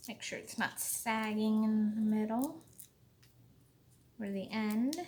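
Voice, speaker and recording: Working through a card-making tutorial, this woman talks in a slow, chatty way, musing out loud as she goes. Her medium-pitched voice is steady and dark in tone, with a little hiss or hum in the background.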